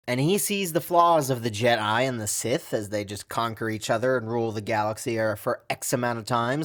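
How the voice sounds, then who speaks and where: Guy doing a casual show review, sarcastic, kinda grumbly, regular mid voice. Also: medium pitch. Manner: sarcastic, complaining.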